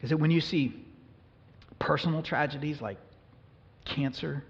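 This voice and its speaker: A man preaching a sermon as a pastor, earnest and emphatic, his voice rising suddenly to loud peaks. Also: fairly high pitch, unhurried. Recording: muffled, reverberant hall recording.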